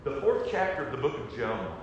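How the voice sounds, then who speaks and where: A man preaching a sermon with emphasis, swinging from shouts to very quiet passages. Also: wildly swooping pitch, brisk, recorded from a distance, slight background noise. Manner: emphatic, rising to shouts then dropping very low. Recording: echoey hall with long reverb.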